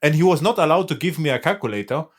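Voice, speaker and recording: A man hosting a podcast, telling a story in a casual conversation, chatty and animated. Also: on the high side, racing. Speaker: podcast host.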